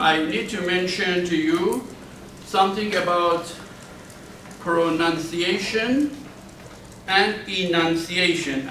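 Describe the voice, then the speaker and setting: A middle-aged man teaching a university class, speaking deliberately and stressing key words. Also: sits high, fairly bright tone, slight background noise. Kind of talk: classroom lecture. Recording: echoey room, voice far from mic.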